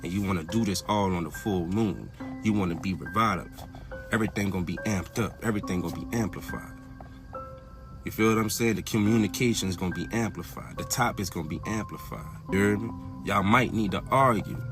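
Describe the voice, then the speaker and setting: A low-pitched man lectures in a slangy, preachy monologue, checking in with his listeners over and over. He drops to a mutter, then climbs into loud, high bursts. Clear music plays behind him. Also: fairly quick. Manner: slangy, repeats "you heard me?". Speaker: spiritual talk host.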